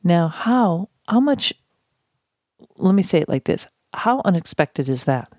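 A woman with a lowish, mellow voice speaks about conflict in a calm, measured way. She pauses often, repeats phrases for emphasis and slips in a little self-deprecating humor. The sound is dry and close. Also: no room sound. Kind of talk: talk on civility.

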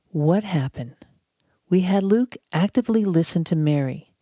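A woman's voice: low-pitched, mellow, no echo, clean studio sound. A woman teaching conflict management in a playful, chatty way, speaking straight to the listener. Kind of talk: instructional audiobook narration.

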